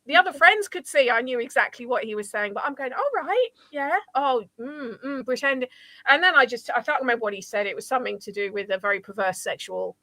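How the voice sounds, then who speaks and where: A British woman hosting a podcast, chatting casually and telling lively anecdotes. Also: a little high, fast talker, gravelly, dry recording. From Britain. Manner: chatty storyteller, acts out voices in anecdotes. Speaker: podcast host. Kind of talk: casual chat.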